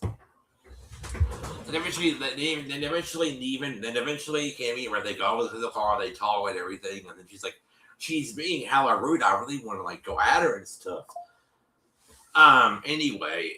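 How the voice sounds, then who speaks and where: A man hosting a show, recapping an episode in casual chat, animated and full of fillers, with a cough. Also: medium pitch, moderate pace, reverberant, background noise. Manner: animated, lots of fillers and repeats, acts out quotes.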